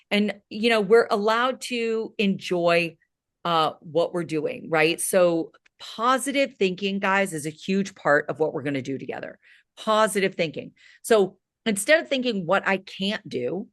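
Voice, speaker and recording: Late-50s woman, fitness coach, energetic motivational pep talk, emphatic. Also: lowish voice. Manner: energetic, emphatic, frequent "right?" tags.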